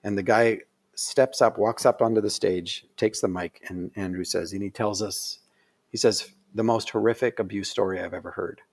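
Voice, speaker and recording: A man's voice: on the low side, fairly even intonation, moderate pace. A middle-aged man telling a story in casual conversation, rambling with lots of fillers and restarts. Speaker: guest.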